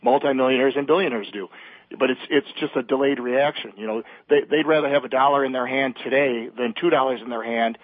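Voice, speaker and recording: A male economist calls in to a talk radio show, eager and persuasive as he argues his point. His mid-pitched voice comes through a dry, tinny phone line. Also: steady tone, a little fast, dry recording. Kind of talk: phone-in conversation.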